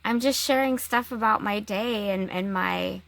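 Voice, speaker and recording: Woman, casual vlog, unhurried, halting with restarts, dry close sound. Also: medium pitch, vocal fry, a bit bright, no echo. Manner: halting, with long pauses and restarts. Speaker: vlogger.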